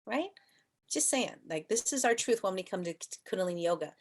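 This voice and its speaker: A woman teaching a yoga class online, chatty and playful, asking rhetorical questions and at times softly chanting. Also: mid-range voice, expressive, brisk. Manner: soft chanting and whispering at times.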